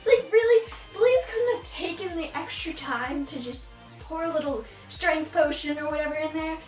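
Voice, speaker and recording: Teen girl vlogger, high voice, exasperated rant about a book, recorded far off in an echoey room with faint music under. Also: normal speed. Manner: exasperated, ranting, mocking voices. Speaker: book reviewer. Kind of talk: casual book review.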